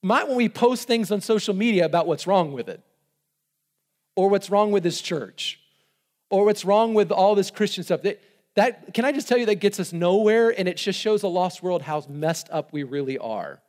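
A man preaching a sermon, reading scripture with lively asides, laughs and rhetorical questions. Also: high-pitched, normal speed. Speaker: pastor.

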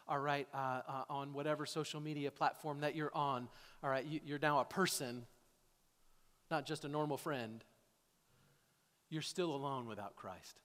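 A man's voice: fairly high pitch, fairly bright tone. A male pastor preaching a sermon in a church, talking conversationally and often tagging his points with "right?" or "okay?". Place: church sanctuary. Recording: echoey hall.

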